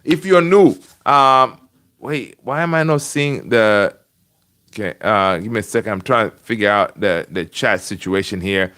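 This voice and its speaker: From a room at home, a man hosts a relaxed football fan livestream, greeting viewers and answering the chat. He's chatty and rambling, with a lowish, slightly bright voice and an unhurried pace.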